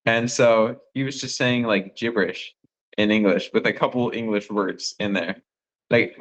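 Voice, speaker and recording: A young man, a missionary phoning home, telling rambling, excitable stories full of fillers. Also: fairly low pitch, normal speed, low-quality recording. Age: young adult. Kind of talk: casual phone chat with family.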